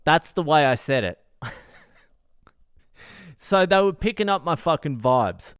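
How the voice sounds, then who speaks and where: A man's voice: fairly high pitch, big pitch swings, unhurried, a bit bright, smooth, no echo, studio quality. A man hosting his own podcast, telling a story in a profane, exasperated way. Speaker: comedian podcast host. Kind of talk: solo storytelling monologue.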